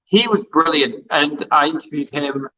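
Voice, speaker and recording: With a crowd audible in the background, a man with a fairly high voice talks at a moderate pace on a muffled recording. He's a musician interviewer and ex-hospital radio presenter, rambling through anecdotes in a casual interview and acting out the quoted dialogue.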